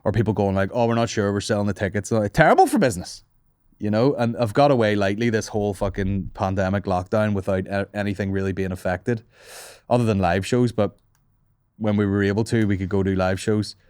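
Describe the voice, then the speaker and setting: Sweary comedian, low dry voice. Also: male voice, brisk, darkish tone, clear, resonant tone, no echo. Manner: sweary, rambling, laughs at own jokes. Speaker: comedian podcast host. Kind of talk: casual comedic monologue.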